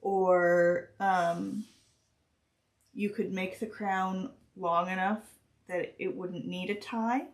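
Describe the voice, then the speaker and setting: A woman teaching a stitching project on a live stream, talking slowly and hesitantly with many pauses and restarts while she works. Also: mid-range voice, steady tone. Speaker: craft teacher.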